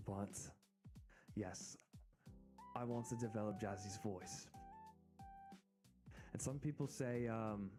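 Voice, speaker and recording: A man's voice: lowish voice, slow pace, long pauses. An American man streaming, chatting casually and rambling with frequent restarts and giggles. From United States. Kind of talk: casual live-stream chat. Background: faint background music.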